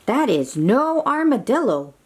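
A woman's voice: on the high side, big pitch swings, a little slow, slight background noise. A woman voicing a cheerful male cowboy sheriff toy in a storybook, with bold cowboy calls. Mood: excited.

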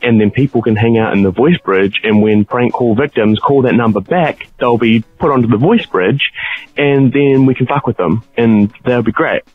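A man caller pitching an idea in a voicemail over the phone. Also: moderate pace, no echo, soft background music. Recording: tinny phone line.

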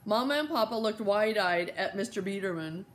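A woman narrating a children's novel with lively, storytelling delivery. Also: mid-range voice, brisk. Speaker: audiobook narrator. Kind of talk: scripted narration.

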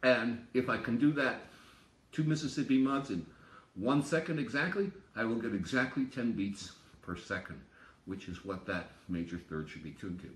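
A man's voice: mid-range voice, moderate pace. A man teaching ear training, explaining step by step and chanting rhythm syllables to show pulses. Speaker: music teacher. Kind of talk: explanatory lesson. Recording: echoey room, distant mic.

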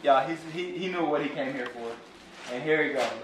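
Fairly high-pitched, fairly quick, and a bit bright, a young dad talks directly to his viewers while excitedly and playfully unboxing a product for his vlog. The phone camera mic sits at a distance, giving a roomy sound with faint ambience and slight background noise.

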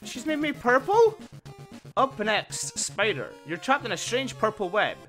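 A man commentating his own video game playthrough with excitable, panicky reactions. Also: high voice, measured pace. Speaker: gaming video host. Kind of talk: let's play commentary. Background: faint game music.

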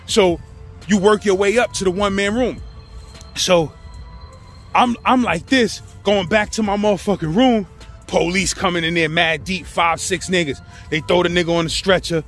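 A man with a New York accent telling prison stories in a casual, animated, slangy way. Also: high voice, moderate pace, faint music behind. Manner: animated, slangy, acts out the people in his story. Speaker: storyteller host.

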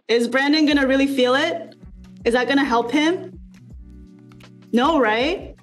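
High-pitched woman, slow and coaxing, leading a workshop on a video call, faint music underneath. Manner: slow, coaxing, asks many questions. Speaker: speaker leading a student workshop. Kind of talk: encouraging group facilitation over video call.

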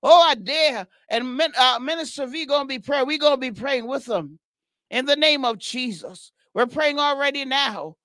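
A woman leads a fervent spoken prayer and exhortation, crying out repeated praises and breaking into tongues. Her voice is high, animated, and fairly bright, at normal speed, on a dry recording.

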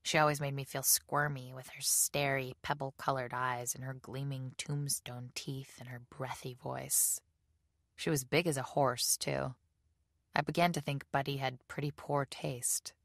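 A woman reading a novel aloud as an audiobook narrator, in measured storytelling. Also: rumbling low, level tone, fairly bright tone, no room sound, clean studio sound. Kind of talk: scripted narration.

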